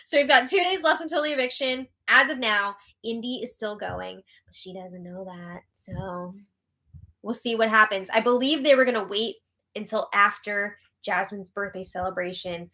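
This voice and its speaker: A woman's voice: medium pitch, moderate pace. A woman co-hosting a live reality TV update stream, chatting casually and gossiping with plenty of laughter. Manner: animated and gossipy, laughs often.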